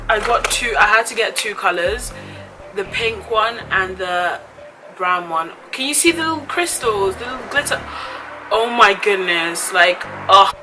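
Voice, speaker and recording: A woman beauty vlogger chatting casually through a makeup tutorial, gushing and excitable with frequent exclamations. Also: mid-range voice, rough recording.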